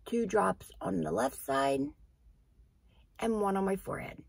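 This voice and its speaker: Female beauty vlogger, raspy low-key voice, casual step-by-step demo. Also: animated, measured pace, pauses often, no echo. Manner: chatty, explains each step. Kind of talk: casual skincare tutorial.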